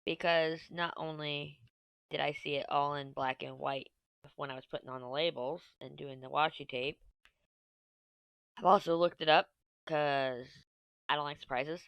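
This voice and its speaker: A woman vlogging casually while she crafts, chatty and self-mocking, thinking her plans out loud. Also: deep voice, fairly even intonation, moderate pace, creaky, clear, resonant tone, dry recording.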